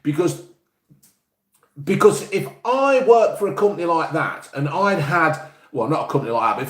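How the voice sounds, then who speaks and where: A man from the East Midlands of England hosts a live stream, reading out viewer comments in a blunt, jokey, sweary manner. His voice sits on the high side and sounds reverberant.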